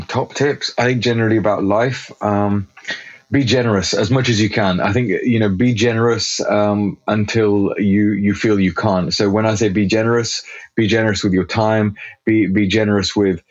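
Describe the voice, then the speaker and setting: A man chatting as a guest on a podcast, animated and talkative, with lots of fillers and restarts. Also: lowish voice, no echo, highs cut off. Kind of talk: casual podcast chat.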